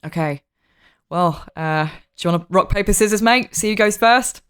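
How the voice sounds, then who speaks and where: A woman's voice: medium pitch, normal speed, a bit bright, clean tone. A woman playing a tabletop game, chatty and giggly in casual banter. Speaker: player.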